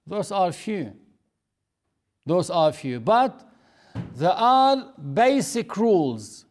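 A man teaching a religious lesson, speaking deliberately and repeating key phrases for emphasis. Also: sits high, darkish tone. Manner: demonstrates pronunciation of recited phrases.

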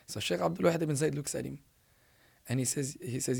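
A preacher relates a religious story animatedly and emphatically, often beginning his sentences again. His medium-pitched voice is creaky and slightly rough, moving at normal speed.

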